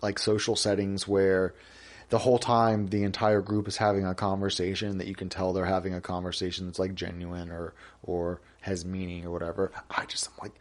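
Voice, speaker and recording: A young man in casual podcast chat, telling crude, animated stories and acting out the people in them. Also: sits low, brisk. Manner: animated storyteller, crude, acts out quoted people. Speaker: podcast co-host.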